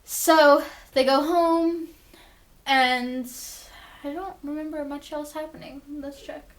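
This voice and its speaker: Girl vlogger w a high voice ranting about a tv episode, swears a ton, says like constantly. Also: fairly even intonation, slow. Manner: gushing and profane, lots of "like" fillers. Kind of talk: casual chatty episode recap.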